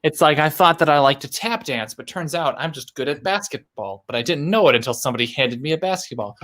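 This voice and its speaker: Halting, teasing podcast dad. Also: male voice, on the high side, expressive, fairly bright tone. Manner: halting, filler-heavy, teasing. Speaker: podcast co-host and father. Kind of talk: casual chat.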